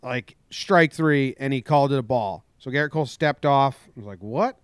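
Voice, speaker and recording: A man co-hosting a podcast, retelling a baseball dispute in casual chat and acting out the shouting. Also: medium pitch, moderate pace, smooth, no room sound, clean studio sound. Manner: animated storytelling, acts out shouted quotes. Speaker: podcast co-host.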